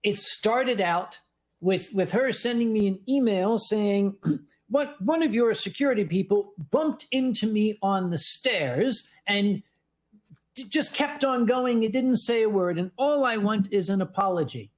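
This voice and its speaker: A man's voice: high voice, a little slow, rough recording. A man who chairs a convention, telling stories on a casual panel in a dry, wry way.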